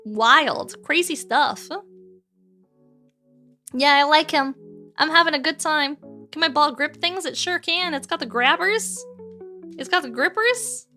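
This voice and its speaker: A playful, giggly woman chats on a livestream while she puts together a model kit. Her voice is very high and bright. Faint music plays behind her. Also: lively intonation, unhurried, long pauses. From Canada. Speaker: streamer.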